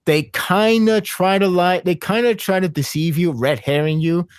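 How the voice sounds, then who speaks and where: Excitable man rambling on a podcast. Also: sits high, normal speed, smooth, dry recording, clean studio sound. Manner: excitable, rambling with many restarts and fillers. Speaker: podcast co-host. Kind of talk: casual podcast discussion.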